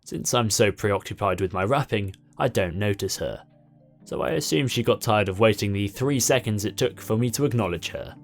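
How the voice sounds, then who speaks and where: A man reading a story aloud as narrator, in an expressive storytelling manner. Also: on the low side, moderate pace, vocal fry, faint music behind.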